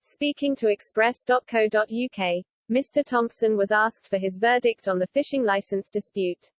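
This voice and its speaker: A woman narrating a news article in a steady, even reading voice. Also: on the high side, moderate pace, no room sound.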